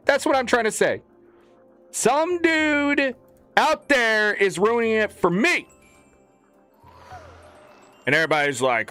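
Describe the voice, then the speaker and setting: High, lively man in a profane rant. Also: moderate pace, faint music behind. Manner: profane, exasperated ranting. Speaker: streamer. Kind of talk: ranting stream commentary.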